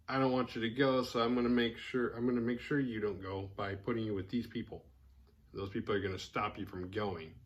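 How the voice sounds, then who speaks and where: A man with a fairly low voice retells a horror film scene by scene in casual chat. He rambles, leans on fillers and jumps into the characters' lines as he goes. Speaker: horror film podcast host.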